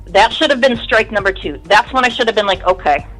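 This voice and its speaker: A woman's voice: mid-range voice, animated, brisk, fairly bright tone, faint music behind, rough recording. A woman in her thirties, a musician guest in an interview, telling a long story in a candid, rambling, profane way.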